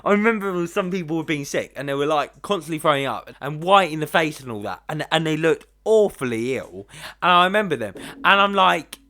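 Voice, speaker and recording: Rich: A young man rants in a casual reaction video, swinging his voice up and down as he swears and laughs. His tone is bright, and he sits somewhat high for a man. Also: fairly quick. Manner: animated ranting, heavy swearing, laughs often.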